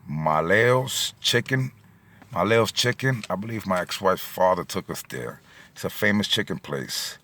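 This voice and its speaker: Deep-voiced New York man rambling. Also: fairly bright tone. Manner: rambling, emotional, lots of fillers and asides. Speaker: vlogger. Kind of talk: casual storytelling vlog. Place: in and around his car at a gas station.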